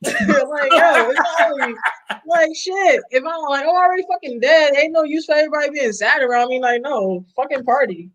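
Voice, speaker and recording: A woman's voice: sits high, moderate pace, a bit bright, low-quality recording. A young woman co-hosting a casual podcast chat, talking in an emphatic, profane way and laughing often. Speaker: podcast co-host.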